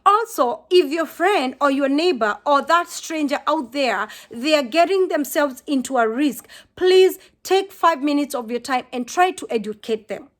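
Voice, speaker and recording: A high-pitched woman from Kenya speaks to her viewers in an earnest vlog. She pleads and lectures with deep feeling and says key words twice. Her bright voice keeps pushing. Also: animated, measured pace. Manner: impassioned, preachy, repeats herself. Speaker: vlogger.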